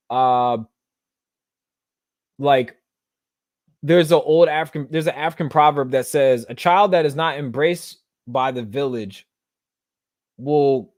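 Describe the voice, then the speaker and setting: A man hosting a solo podcast, talking earnestly and casually, often filling pauses with "you know what I'm saying.". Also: medium pitch, no room sound, clean studio sound. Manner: earnest, conversational, full of fillers. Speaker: podcast host.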